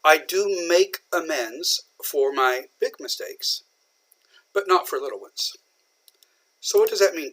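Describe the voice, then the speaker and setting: A man from southern Indiana, patiently explaining an English idiom in a recorded lecture, with many pauses and fillers. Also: a little high, fairly bright tone. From southern Indiana, USA. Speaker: English teacher.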